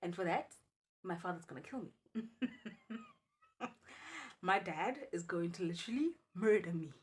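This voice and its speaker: Lively South African woman telling a story. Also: lowish voice, unhurried, slight background noise. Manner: animated, dramatic storytelling. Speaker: vlogger. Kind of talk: storytime vlog.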